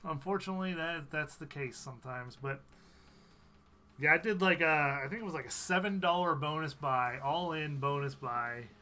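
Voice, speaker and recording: A man's voice: fairly high pitch, moderate pace, sharp tone. A man hosting a live stream, chatting casually, reading out viewer comments and laughing often. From USA.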